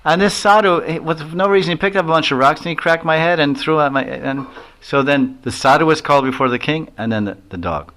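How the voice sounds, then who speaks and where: A man's voice: fairly high pitch, brisk, few pauses, fairly bright tone. An older man giving a devotional lecture as a monk, rambling through personal stories and chuckling at them. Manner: rambling, anecdotal, laughs at his own stories.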